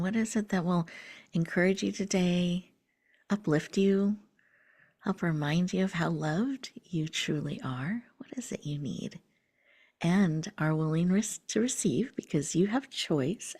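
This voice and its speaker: A woman host leads a guided breathing meditation, her low voice soft and unhurried. She often slips into breathy half-whispers, and a gravelly edge runs through her tone. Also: animated.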